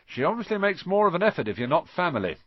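Man doing a loud teasing teen boy. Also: high voice, sing-song, fast talker, no echo, lo-fi sound, voice pushed up. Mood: boisterous. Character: boisterous teenage twin boy, teasing.

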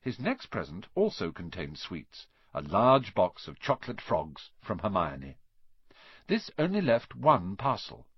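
A man narrating an audiobook in an expressive storytelling manner. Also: fairly low pitch, unhurried, husky, no room sound. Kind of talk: scripted narration. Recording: dry, slightly dull lo-fi sound.

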